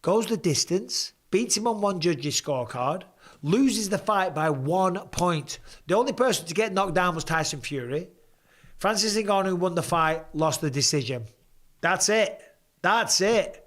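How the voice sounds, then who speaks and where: A man's voice: sits high, expressive, normal speed. A man hosting a live fight reaction stream in a casual way. He is tired after hours of talking, swears freely and reads viewer comments aloud. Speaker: host of a live fight watch-along stream.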